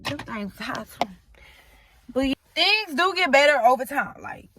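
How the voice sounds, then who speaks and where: A woman's voice: on the high side, a bit bright, a little hiss or hum. A young woman vlogging to her viewers from inside her car, chatty and openly emotional as she talks to them directly. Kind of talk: casual chat to camera.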